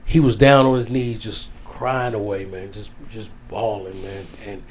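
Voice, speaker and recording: A man's voice: on the low side, little pitch movement, measured pace. An older man, an interview guest, telling an emotional story in a rambling way and often repeating his phrases. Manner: rambling, repeats phrases, Southern-style casual grammar.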